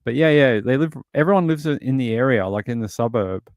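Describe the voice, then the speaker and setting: Australian male streamer, mid-pitched, chatty rambling delivery, dry close sound, casual viewer chat. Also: animated, fast, no echo. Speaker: livestream host.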